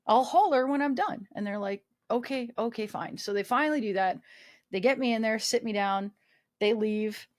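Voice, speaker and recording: A woman in her twenties, an army veteran appearing as a podcast guest, speaks at normal speed in a mid-range voice. She tells a personal story candidly, with self-mocking humor, swearing and lots of fillers.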